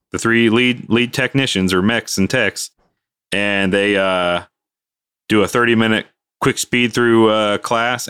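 A man's voice: on the low side, clean tone. A man co-hosting a casual podcast, telling a work story and acting out what people said. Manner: animated, acts out quoted dialogue. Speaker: podcast co-host.

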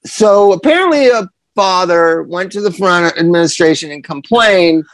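A man telling a story in a casual interview, animated and profane, laughing often as he goes. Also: high-pitched, moderate pace, no echo. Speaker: addiction counselor guest.

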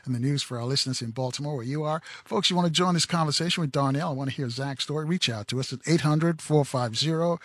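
A man hosting a radio call-in show, brisk and interjecting, reading out the call-in number. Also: a little high, a bit bright, no echo. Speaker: radio host.

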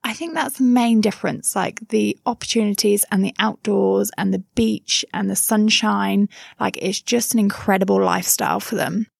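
A woman from England speaks with a southern English accent, her thirties voice carrying a gravelly edge. She talks in a chatty, frank way and laughs easily. The sound is dry and close. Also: mid-range voice, fairly even intonation, moderate pace, few pauses, no room sound. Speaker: interviewee, mother living abroad. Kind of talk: casual interview chat.

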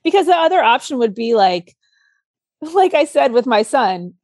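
Her voice is high-pitched and darkish, swinging widely in pitch at a moderate pace, with no echo. As a podcast co-host in a casual advice chat, she earnestly discusses parenting, building her case through examples one step at a time and mimicking a child's outburst.

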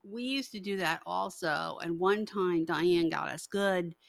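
Woman cohost chatting casual, dry close sound, asks lots of quick questions. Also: fairly low pitch, creaky, no room sound. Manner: responsive listener, quick to laugh. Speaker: podcast co-host. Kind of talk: casual chat.

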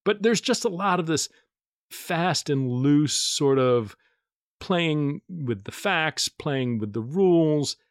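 A man co-hosting a podcast, explaining at length in a measured way with dry humor. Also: fairly high pitch, animated, clear, resonant tone, no echo. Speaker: podcast co-host. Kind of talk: casual explanatory podcast chat.

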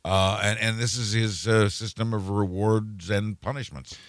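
A man's voice: lowish voice, fairly even intonation, a little slow, no room sound, clean studio sound. A man who is a regular news commentator on a casual political talk show, blunt and sardonic.

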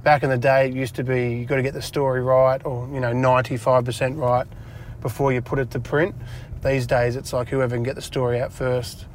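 An Australian man in his forties chats easily about his life, rambling with plenty of fillers and joking at his own expense. His voice sits at an ordinary middle pitch. A faint hum of car ambience runs underneath. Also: flat delivery, a little fast. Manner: chatty, self-deprecating, lots of fillers. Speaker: interview guest. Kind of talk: casual chat. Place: inside a parked car.

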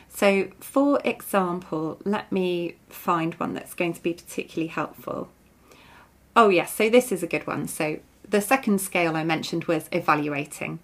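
A woman in her thirties hosting a podcast, talking through a book she recommends in a chatty, friendly way. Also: fairly low pitch. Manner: chatty, breaks into giggles while reading aloud. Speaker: podcast host. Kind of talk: book review monologue.

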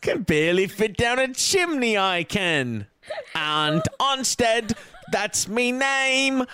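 A man's voice: high voice, fairly bright tone, smooth, no echo, full character voice. Man putting on a Cockney chimney sweep. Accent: put-on Cockney. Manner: brisk, exaggerated, self-pitying clowning. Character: bumbling Cockney male chimney sweep, mournful.

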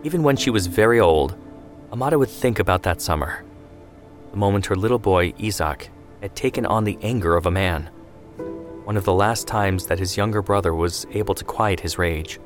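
Low-voiced male narrator. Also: normal speed, over music. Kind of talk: scripted narration.

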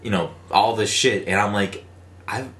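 Deep-ish guy ribbing his buddy about games, laughing, echoey room. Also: normal speed, a bit bright. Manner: teasing, laughs at his friend. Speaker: podcast co-host. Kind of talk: casual gaming chat.

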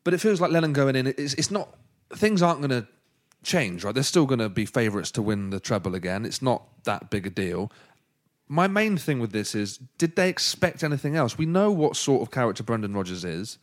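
A man co-hosting a football conversation at a middle pitch. He keeps firing questions and presses his argument with an energetic, chatty push. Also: a little fast. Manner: questioning, lively, pushes his points. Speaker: podcast co-host. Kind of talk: casual football chat.

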